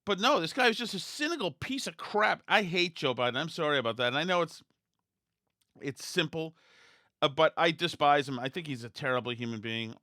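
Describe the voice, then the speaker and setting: A man hosts a political podcast and rants in a blunt, scornful way, often restarting his sentences. His voice sits fairly high and has a bright, sharp edge. The sound is dry and close to the mic. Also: animated, a little fast, no echo. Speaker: podcast host.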